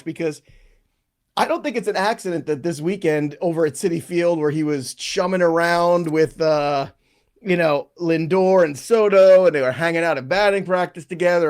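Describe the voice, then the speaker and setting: A man co-hosting a podcast, playful and rambling, stumbling over his words in casual banter. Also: on the high side. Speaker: co-host.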